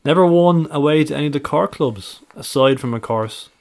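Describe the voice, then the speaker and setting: A man's voice: fairly high pitch, brisk, creaky, a little mellow. A man co-hosting a casual podcast, methodically reeling off stats, dates and records. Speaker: podcast co-host, stats presenter.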